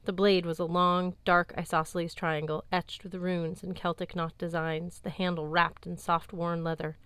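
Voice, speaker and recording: A woman narrating an audiobook in a measured, even tone, recorded close on a studio mic. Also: on the low side, clear, resonant tone, dry recording. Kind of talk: scripted narration.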